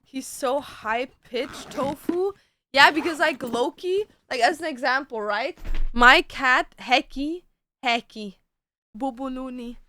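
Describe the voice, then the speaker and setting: A woman with a high, bright voice chats casually on a live stream from her home. She talks at an unhurried pace, slipping into playful sing-song baby talk for her cats and tossing in casual swearing. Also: slight background noise. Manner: swears casually, drawn-out joking phrases.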